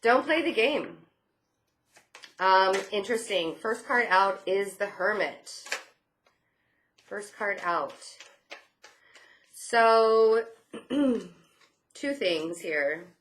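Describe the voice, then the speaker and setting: A woman's voice: medium pitch, drawn-out words, long pauses, fairly bright tone, slight background noise. A young woman giving a casual tarot reading, chatty and a little sarcastic, with frequent fillers and light laughs. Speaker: tarot reader.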